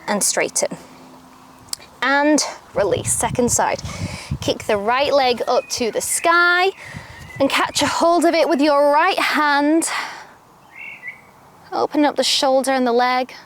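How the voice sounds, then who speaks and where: A young adult woman teaching a yoga class outdoors, giving calm step-by-step cues. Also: sits high, slow pace, pauses often, slight background noise. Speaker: yoga instructor. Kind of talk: guided yoga class instruction. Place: outdoors, birds audible. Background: faint outdoor ambience with birdsong.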